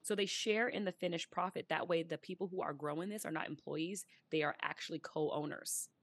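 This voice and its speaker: A woman's voice: fairly low pitch, steady tone, a little fast. A woman co-hosting a podcast in casual chat, telling stories and quoting people in playful voices. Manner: chatty storyteller, quotes others in playful voices. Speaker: podcast co-host.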